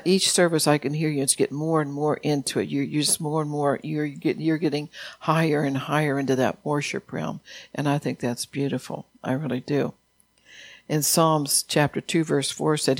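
An earnest male pastor preaches in a slightly high voice, pressing hard on each quoted word. The sound is close and dry, with almost no room around it. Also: vocal fry, no echo. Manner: earnest, emphatic preaching, louder when quoting God. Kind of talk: sermon reading prophetic words and scripture. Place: church.

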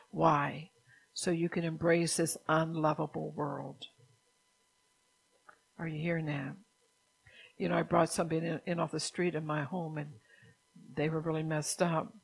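A woman preaching a sermon who keeps asking the listeners if they understand, sometimes dropping into a soft whisper. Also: sits low, vocal fry, breathy edge, rough recording. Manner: drops at times into a soft whisper.

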